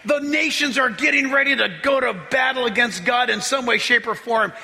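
A man preaching a sermon as a pastor, excitable, often laughing and rising to shouts as he reads scripture. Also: very high-pitched, moderate pace, vocal fry, long reverb tail.

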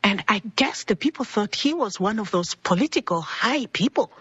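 A woman's voice: medium pitch, expressive, moderate pace, fairly bright tone, breathy edge, no echo, dull audio. A woman earnestly telling a personal faith story, acting out the people in it as she goes. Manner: earnest, acts out quoted people in her story. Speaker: speaker sharing a personal faith testimony.

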